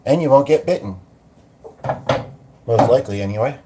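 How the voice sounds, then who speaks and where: A man's voice: medium pitch, expressive, moderate pace, background noise. A man from Canada hosting a casual livestream chat, playful and chatty, slipping into little sung bits. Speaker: livestream host.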